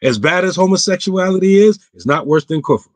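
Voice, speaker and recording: A man's voice: sits high, expressive, a little fast, no room sound. A man, an imam, answering viewer questions on an online roundtable in a casual, emphatic way, his voice climbing when he stresses a point. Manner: casual, clipped everyday grammar.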